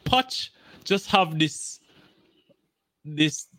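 Animated man, lively pitch. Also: drawn-out words, dry recording, studio quality. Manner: animated, patois-heavy banter. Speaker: podcast co-host. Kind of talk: casual football chat.

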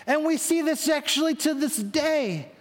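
High-voiced man preaching in a reverberant hall. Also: expressive, measured pace. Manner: dramatic, voicing biblical figures in quotes. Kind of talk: sermon. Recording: long reverb of a large hall.

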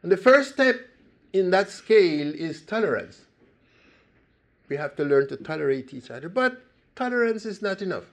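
An older man from Costa Rica gives a talk in a gravelly, slightly high voice. His speech is earnest and emphatic, and it keeps swelling into loud, stressed phrases before it settles back down. He is addressing an audience that will ask questions afterwards. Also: very animated, moderate pace, pauses often. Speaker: speaker giving a talk.

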